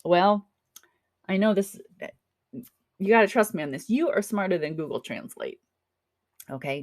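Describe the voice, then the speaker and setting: Gravelly-voiced woman teaching German. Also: lowish voice, no room sound, clean studio sound. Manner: chatty, encouraging, checks in with "okay?" and "right?". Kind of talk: classroom lecture over slides.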